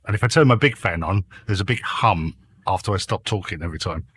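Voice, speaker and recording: A man's voice: deep voice, fast talker, a bit bright, husky. A man guest on a casual podcast, chatty and jokey, breathing a little heavily into a noise-cancelled mic. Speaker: guest YouTuber. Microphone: headset mic with noise cancelling.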